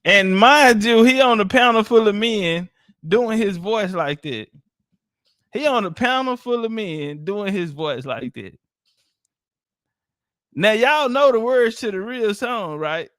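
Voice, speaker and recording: A man's voice: high voice, fairly bright tone, clear, resonant tone, no room sound, clean studio sound. A man giving casual, profane commentary on clips, laughing and mocking as he talks. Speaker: online commentator.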